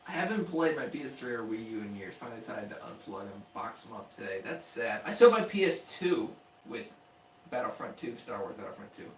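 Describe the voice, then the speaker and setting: A man's voice: lowish voice, very animated, fairly quick, a little hiss or hum. A young man hosting a casual live stream, rambling and joking about his own tech videos in slangy talk. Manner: loose, rambling, self-mocking, slangy. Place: his room, indoors. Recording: echoey room, mic at a distance.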